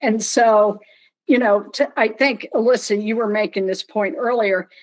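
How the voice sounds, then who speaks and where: A woman speaking as a panelist on an online panel discussion, deliberate and measured, with dry, wry humor. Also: medium pitch, steady tone, poor audio. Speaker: panelist from a nonprofit. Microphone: video call.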